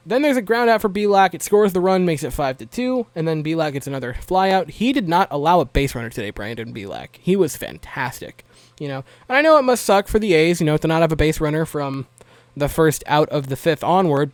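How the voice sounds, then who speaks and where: A man's voice: fairly high pitch, no echo. A young man giving a casual, chatty baseball game recap with joking asides and frequent fillers.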